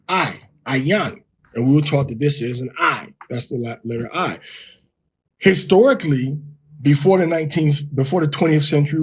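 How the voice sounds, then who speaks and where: A man teaches in a husky, slightly breathy voice. He walks through examples one step at a time, slowing down to sound words out. His pitch sits in the middle of the male range. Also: a little mellow. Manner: explains step by step, reads verses aloud slowly. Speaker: Hebrew teacher. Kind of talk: informal recorded lesson.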